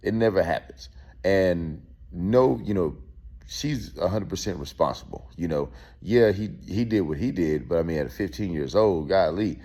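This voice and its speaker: A man's voice: deep voice, animated, normal speed, warm tone, husky. A male host talking through a case in loose casual commentary, with many fillers and restarts.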